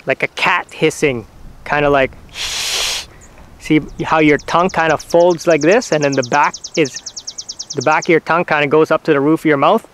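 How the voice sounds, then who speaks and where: A man hosting his own outdoors channel, casually explaining step by step in short, halting phrases. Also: a little high, slight background noise. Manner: relaxed, patient, talks in short halting phrases with fillers. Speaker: hunting channel host teaching turkey calls. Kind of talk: casual how-to instruction.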